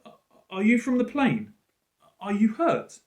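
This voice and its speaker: A man's voice: high voice, huge pitch swings, unhurried, voice pushed up, full character voice. A man voicing a shaken young boy who survived a plane crash, speaking hesitantly with small stammers. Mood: anxious. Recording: roomy echo.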